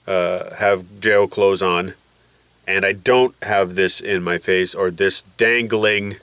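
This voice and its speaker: A man's voice: on the low side, a bit bright, clear, resonant tone, dry recording. A man telling a rambling, jokey vlog story with his nose packed by a balloon, putting on voices as he goes. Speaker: vlogger.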